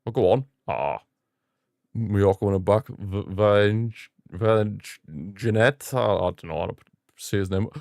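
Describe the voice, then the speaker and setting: A young man hosting a live football watchalong, giving excitable fan commentary and ranting at the referee. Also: fairly low pitch, measured pace, vocal fry, dry recording, clean studio sound. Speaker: watchalong host.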